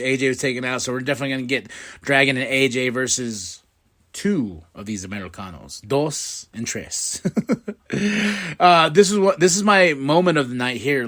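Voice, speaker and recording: A man hosting a podcast, giving a casual, excitable recap and acting out quotes in quick voices. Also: mid-range voice. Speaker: podcast host.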